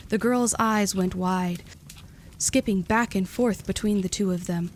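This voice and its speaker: A woman narrating a gentle storybook tale in a calm, even reading. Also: mid-range voice, a little slow, a little hiss or hum.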